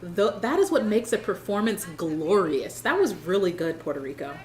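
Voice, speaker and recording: A woman's voice: lowish voice, big pitch swings, moderate pace, darkish tone. A woman giving sassy, playful reaction commentary on a beauty pageant, laughing often as she talks.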